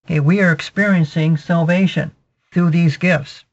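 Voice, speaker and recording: Higher-pitched male preacher on a dull recording. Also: fairly even intonation. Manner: measured teaching, peppered with "okay" and repetitions. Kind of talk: sermon, verse-by-verse Bible exposition.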